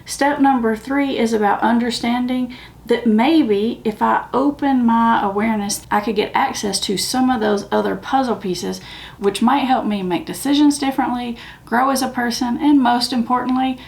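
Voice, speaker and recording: A Southern US woman talks straight to camera as the host of a recovery channel, plain-spoken and emphatic. Her voice sits a touch high and carries a gravelly fry. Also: fairly even intonation, moderate pace, darkish tone. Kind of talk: casual talk to camera.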